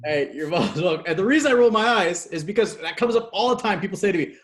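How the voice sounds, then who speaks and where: Fast-talking, energetic man coaching. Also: high voice. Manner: fast, energetic storyteller, acts out quotes. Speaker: guest speaking coach. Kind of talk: animated casual interview talk.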